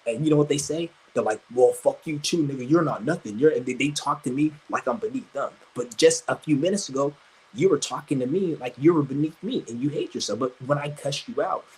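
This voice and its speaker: A man's voice: medium pitch, brisk, a little mellow, breathy edge, rough recording. A man streaming live, ranting crudely and combatively, stumbling over repeated restarts. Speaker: livestreamer. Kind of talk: angry livestream rant.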